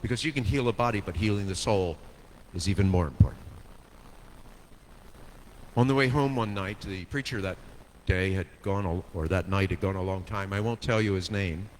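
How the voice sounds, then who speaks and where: A man preaching a sermon, telling a story with dramatic swings from hushed to soaring delivery. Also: deep voice, normal speed. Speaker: pastor. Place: church sanctuary. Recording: long hall reverb, faint noise.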